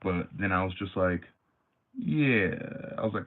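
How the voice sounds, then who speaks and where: Brief: lower-pitched male streamer, slangy and animated, tinny phone-like audio. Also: moderate pace. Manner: animated, slangy, many fillers. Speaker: livestream host. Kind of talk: casual livestream storytelling.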